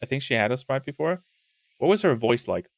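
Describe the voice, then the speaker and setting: A man's voice: mid-range voice, lively intonation, brisk, vocal fry. A man streaming live, chatting and rambling while reading a visual novel aloud. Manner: rambling, self-interrupting.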